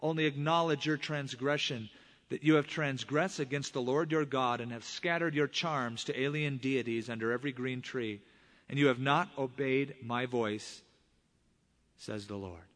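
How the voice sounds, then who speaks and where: A middle-aged male pastor preaching a sermon, with animated rises in voice and sudden hushed drops. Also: mid-range voice, normal speed. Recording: long reverb of a large hall.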